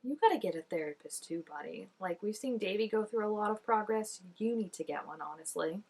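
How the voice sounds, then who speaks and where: Young woman, casual reaction chat, filler-heavy, laughing, mid pitch. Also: fairly quick, creaky, slightly rough. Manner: chatty and expressive, lots of fillers and laughs; mock-dramatic exclamations at the screen. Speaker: TV reaction vlogger.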